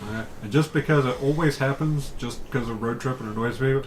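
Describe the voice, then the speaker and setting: A man's voice: mid-range voice, a little fast, slight background noise, poor audio. A man playing in a tabletop game, with wry, playful remarks. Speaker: player. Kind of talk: casual in-game chat.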